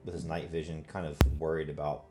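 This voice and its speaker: A man's voice: very deep voice, flat delivery, fast, music in the background. A man playing a tabletop game, describing his character thoughtfully and with some hesitation. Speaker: player.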